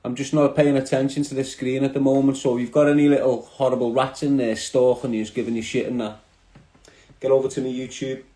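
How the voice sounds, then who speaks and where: With a mid-range, mellow voice and little pitch movement, a man from Liverpool talks fairly quickly to his livestream audience through a phone. His easygoing chatter is full of street slang, recorded in an echoey room.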